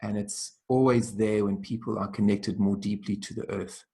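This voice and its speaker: Gravelly, low-voiced man telling stories gently. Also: fairly even intonation. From South Africa. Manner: gentle, measured, often slows down and trails off softly. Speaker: guest, traditional healer. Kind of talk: reflective storytelling interview.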